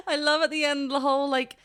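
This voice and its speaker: A woman's voice: sits high, fairly bright tone. A woman vocal coach giving chatty, enthusiastic technical commentary in a reaction video, with frequent restarts.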